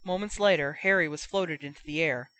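A woman reading a fan fiction story aloud in a measured narration. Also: low voice, fairly bright tone. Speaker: audiobook reader.

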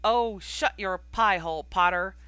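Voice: medium pitch, fairly even intonation, normal speed, smooth, no echo, pitched above the performer's own voice, lightly acted. A reader voicing a feisty, sarcastic young woman competing on the field in an audiobook reading. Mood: mocking. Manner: teasing, sharp-tongued.

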